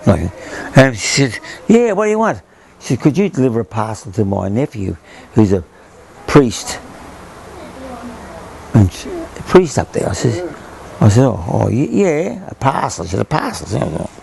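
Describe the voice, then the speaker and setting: A man's voice: medium pitch, big pitch swings, normal speed, gravelly, pauses often, darkish tone, a little hiss or hum. An older Australian man, a former sailor, rambles through an oral history story, repeating himself and acting out the voices he quotes.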